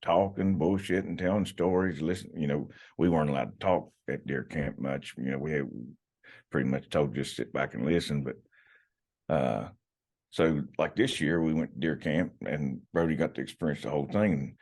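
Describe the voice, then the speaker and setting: Middle-aged guy w a really low voice, rambling hunting stories on a podcast. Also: normal speed, a little mellow. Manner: rambling, folksy, many restarts. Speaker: podcast guest, hunter. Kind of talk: casual storytelling. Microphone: podcast microphone.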